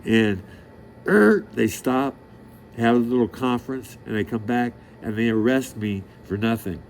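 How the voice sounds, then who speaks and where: A man's voice: mid-range voice, a little slow, a little hiss or hum. A middle-aged man in a rambling monologue, talking in a profane, boastful, streetwise way and losing track of his story. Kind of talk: rambling direct-to-camera monologue.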